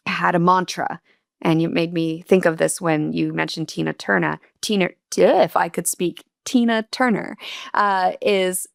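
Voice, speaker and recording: A woman's voice: fairly low pitch, creaky, no echo, studio quality. A woman guest on an interview podcast, earnestly and candidly telling a personal story in a reflective, emotional way.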